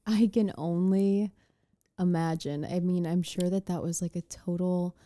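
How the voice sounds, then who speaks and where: Low-pitched woman hosting a podcast. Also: fairly even intonation, unhurried, dark tone. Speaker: podcast host. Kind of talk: casual interview chat.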